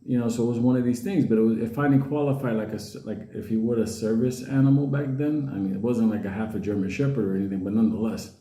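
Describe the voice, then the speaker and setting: A man telling a comedic story in a rambling, casual way, laughing at his own jokes and putting on high voices for the characters. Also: fast talker, hardly any pauses, warm tone, roomy sound.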